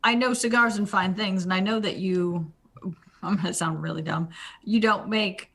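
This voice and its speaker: A woman playing a tabletop game, chatting in a rambling, halting way. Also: mid-range voice, steady tone, a bit bright, breathy edge. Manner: rambling, hesitant, chatty with restarts. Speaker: player. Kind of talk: casual tabletop play.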